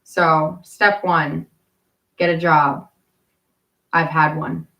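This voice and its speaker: This woman, from Appalachian Kentucky, speaks very slowly with a low, level, fairly bright voice and some vocal fry. Her courtroom storytelling wanders, full of swearing and self-interruptions, captured in a distant, roomy recording.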